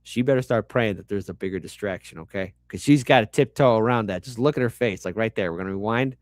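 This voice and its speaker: A man hosting reaction commentary, animated and sarcastic, swearing often and talking with lots of fillers. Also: fairly low pitch, fast talker, dry recording, studio quality. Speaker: commentary host.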